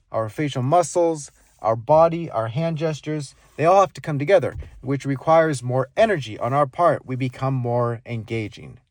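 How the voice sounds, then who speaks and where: A man teaching speaking skills, demonstrating volume, pitch and pauses as he explains them. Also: no echo, studio quality. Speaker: speaking coach. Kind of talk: instructional monologue with live demonstrations.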